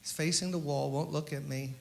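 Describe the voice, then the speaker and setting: A man, a pastor, giving a eulogy at a memorial service as an animated storyteller who acts out the quotes. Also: fairly high pitch, brisk, creaky, a little hiss or hum.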